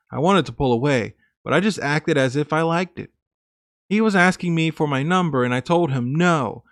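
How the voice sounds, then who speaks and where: A man's voice: on the high side, normal speed, no echo, clean studio sound. A man narrating a woman's confessional true story in the first person, in an earnest, plain scripted reading.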